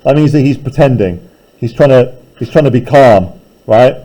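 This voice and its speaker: A man's voice: medium pitch, animated, normal speed, warm tone, poor audio. A male teacher casually explaining a novel to a class, often checking in with "right?" and "okay?".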